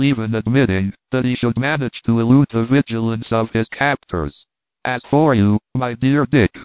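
A man voicing a calm, authoritative doctor who leads an expedition and reasons deliberately. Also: mid-range voice, no room sound, close to an everyday voice. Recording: tinny phone-like dry sound.

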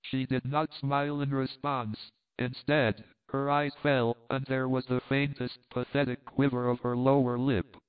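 Male audiobook reader, measured and even, smooth resonant voice, phone-thin lo-fi recording. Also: mid-range voice. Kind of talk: scripted narration. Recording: tinny phone-like sound.

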